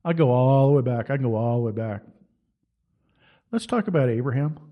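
A man's voice: mid-range voice, a little fast, narrow, tinny audio. A man preaching a sermon in an emphatic, colloquial storytelling manner.

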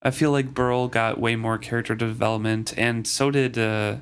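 Measured, analytical man co-hosting a podcast. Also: mid-range voice, fairly even intonation, slight background noise. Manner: measured, analytical, hesitant restarts. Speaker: podcast co-host. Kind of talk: casual book-podcast chat.

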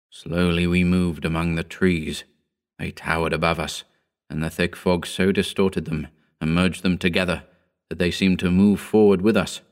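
A man narrating a horror story in a slow, grave, deliberate reading. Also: deep voice.

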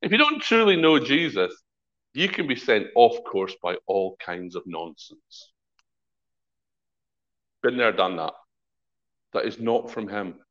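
A man's voice: on the low side, unhurried, long pauses, dull audio. A middle-aged man, a pastor, preaching a conversational sermon and acting out the voices in his stories. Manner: lively, conversational preaching with acted-out quotes.

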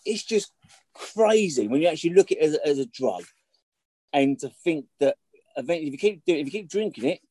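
A man's voice: fairly high pitch, expressive, brisk, warm tone, dry recording. A middle-aged man talking as a podcast guest, telling stories candidly and bluntly, swearing often and repeating his points for emphasis. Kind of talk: candid conversational storytelling.

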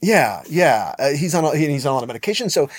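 Middle-aged male guest, casual rambling storyteller, mid pitch, dry close sound. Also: sing-song, quick pace, slightly rough, no room sound. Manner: rambling, many fillers and restarts. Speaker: podcast guest.

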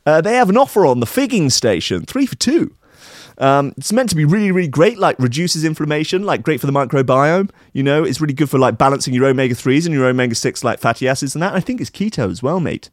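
High pushy lad, selling hard, a man doing the voice. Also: expressive, fast talker, no room sound, clean studio sound, natural voice. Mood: excited pushy. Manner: chatty, peppered with "mate" and "like". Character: hyped laddish young bloke, pushy salesman.

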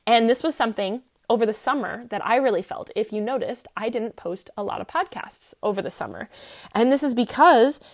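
Expressive young woman podcaster. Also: on the high side. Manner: expressive, animated, many fillers. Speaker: podcast host. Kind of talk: casual solo podcast talk.

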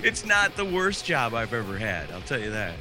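A radio-trained man from Wisconsin joins a podcast, his pitch swinging lively and animated. His delivery is smooth and announcer-like but loose and profane. Music sits clearly behind him. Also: normal speed. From Wisconsin, USA. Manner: polished radio-announcer delivery, laid-back and swearing. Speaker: podcast guest. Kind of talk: casual podcast banter.

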